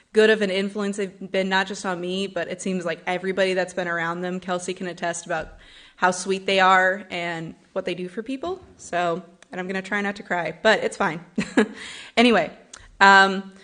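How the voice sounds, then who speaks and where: A young woman giving a personal testimony and reading scripture at a church service, in an earnest, gently conversational way. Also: mid-range voice. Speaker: church member giving a talk.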